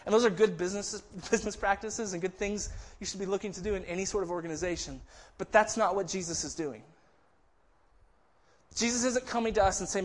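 A man's voice: sits high, fairly quick. A man preaching a sermon in a conversational way, often restarting phrases and acting out quoted voices. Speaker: pastor.

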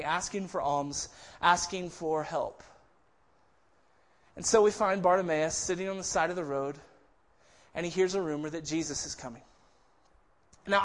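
A man preaching a sermon in a conversational way, often restarting phrases and acting out quoted voices. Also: high-pitched. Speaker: pastor.

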